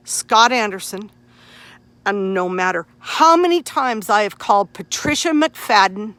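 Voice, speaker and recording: Woman, high and sharp-toned, indignant live-streamer, taunting repetition, phone mic. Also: no room sound. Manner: indignant, taunting, repeats short phrases. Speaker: nonprofit volunteer live-streaming an incident. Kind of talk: live-streamed running commentary. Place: outdoors at night, near her parked car.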